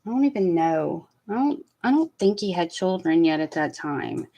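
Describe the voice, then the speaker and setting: A woman with a drawl chats through her commentary, her voice sitting low for a woman. She rambles a little, with plenty of fillers as she gathers her thoughts. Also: very animated, moderate pace, creaky, mellow. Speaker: commentary host. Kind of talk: casual commentary chat.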